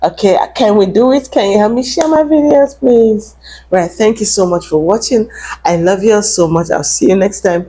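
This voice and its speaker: A woman vlogger delivers an indignant rant straight to camera, hammering her points home with repeated questions. Her voice is warm and mellow in tone, with a middling pitch. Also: normal speed. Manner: indignant, emphatic, repeats phrases. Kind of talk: opinionated vlog rant.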